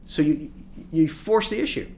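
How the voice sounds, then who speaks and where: A man's voice: fairly high pitch, moderate pace. A man who works as a recruiter, giving casual career advice and acting out imagined conversations. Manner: animated, acts out imagined dialogue.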